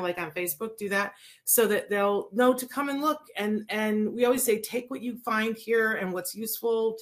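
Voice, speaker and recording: A woman in her forties who hosts a live autism show and podcast, talking in a chatty, casual way with many fillers. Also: mid-range voice. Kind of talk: casual live-stream talk. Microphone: live-stream mic.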